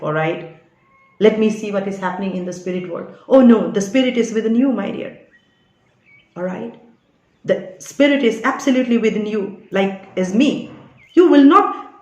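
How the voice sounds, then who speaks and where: A woman's voice: a little high, dull audio. A woman giving a spiritual guidance monologue as a channel reader. She talks in a preachy, insistent way and keeps tagging "all right?" onto her lines. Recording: echoey room.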